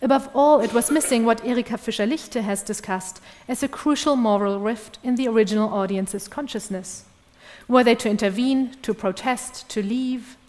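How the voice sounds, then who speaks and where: A woman lecturer presents an academic paper in a careful, precise cadence. Her voice sits somewhat high. The sound carries the long reverberation of a large lecture hall. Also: darkish tone. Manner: measured, precise academic delivery. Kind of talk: academic lecture read from a script.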